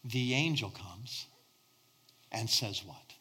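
A middle-aged man preaching a sermon, swinging between loud emphasis and hushed near-whispers. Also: on the high side, animated, unhurried. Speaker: pastor.

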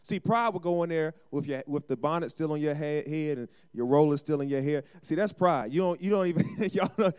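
Lively, clear-voiced male preacher. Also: a little high, a little fast, hardly any pauses. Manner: call-and-response preaching with acted asides. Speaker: pastor. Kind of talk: sermon.

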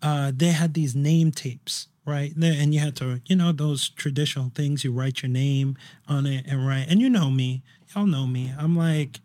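A man's voice: a little high, steady tone, moderate pace, hardly any pauses, mellow. A young man chatting casually on a podcast, telling a story in a rambling way with lots of fillers and restarts. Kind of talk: casual chat.

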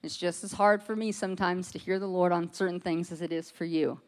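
A woman's voice: lowish voice, steady tone, brisk. An American woman preaches a personal testimony to her congregation. She tells it like a casual story, loose and conversational, with plenty of "like" along the way. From United States.

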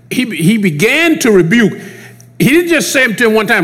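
An animated male preacher with a slightly high voice that leaps up and down in pitch. He presses his points with loud emphasis and drops to a hushed tone when he prays. His voice carries a long reverberation, as in a large hall. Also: moderate pace. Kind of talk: sermon teaching.

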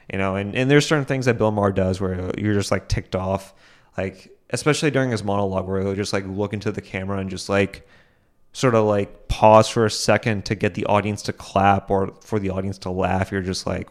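A man's voice: fairly low pitch, steady tone, fast. A young man hosting a solo podcast, rambling with many fillers and asides, self-deprecating, and chuckling often. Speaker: podcast host.

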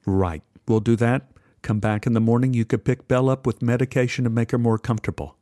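A man voicing a calm, sympathetic woman veterinarian who speaks in a factual, gentle way. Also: medium pitch, fairly quick, no room sound, clean studio sound, voice pushed down, lightly acted.

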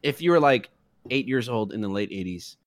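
A man's voice: mid-range voice, lively intonation, a little fast, dry recording, studio quality. A man chatting casually on a podcast, easygoing and often laughing.

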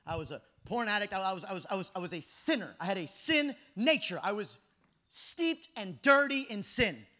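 A man in his thirties preaching an energetic youth sermon at a camp meeting, telling stories that swing from shouting to hushed. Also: sits high, normal speed. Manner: animated storytelling, shifts from shouting to hushed.

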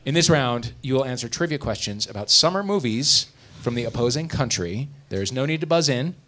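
An energetic man hosts a live comedy quiz, his voice climbing and falling in a lively way. He laughs easily between lines and slips into a booming announcer delivery. The recording carries clear background noise from the venue. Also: brisk. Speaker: host. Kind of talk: live comedy podcast hosting.

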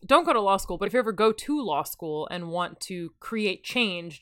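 A woman's voice: mid-range voice, expressive, normal speed, hardly any pauses, bright, forceful tone. A young adult woman co-hosting a comedic book-reading podcast, giving wry, sarcastic commentary. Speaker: podcast co-host reading a novel aloud.

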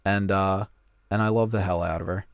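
A man's voice: low-pitched, steady tone, moderate pace, no room sound. A man co-hosting a podcast, telling a rambling anecdote in casual chat and swearing a lot. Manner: rambling storytelling, frequent swearing. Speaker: podcast co-host.

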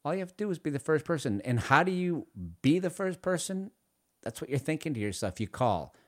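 A man hosting a food radio show, reading ads and joking in a playful, self-mocking way with sudden loud bursts. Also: on the high side, lively intonation, fairly quick, dry recording, clean studio sound.

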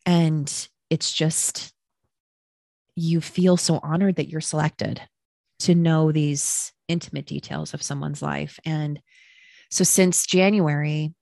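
A woman's voice: takes it slowly, creaky, dry recording, studio quality. A woman working as a matchmaker, telling her story in a casual podcast chat and acting out the quotes she tells. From Midwest United States. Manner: animated storyteller, acts out quotes with raised pitch. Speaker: matchmaker and guest.

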